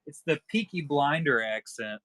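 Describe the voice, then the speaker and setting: A man's voice: fairly high pitch, expressive, normal speed, fairly bright tone, dry recording. Joking man hosting a live stream. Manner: joking, chatty with viewers. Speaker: livestream seller host. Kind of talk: casual live-stream chat.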